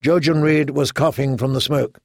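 A man narrating a fantasy novel in a measured storytelling manner. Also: mid-range voice, fairly even intonation, no echo, clean studio sound. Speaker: audiobook narrator.

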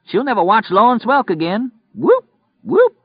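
A man voicing a crazed violent male gunman with manic, shrieking yells. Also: extremely high pitch, huge pitch swings, normal speed, gravelly, dry recording, muffled recording, voice pushed up, heavily acted. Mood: manic glee.

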